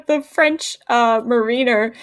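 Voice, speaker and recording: A woman co-hosting a casual cartoon recap, playful and prone to excited outbursts. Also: on the high side, slow, no room sound, clean studio sound. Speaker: podcast co-host.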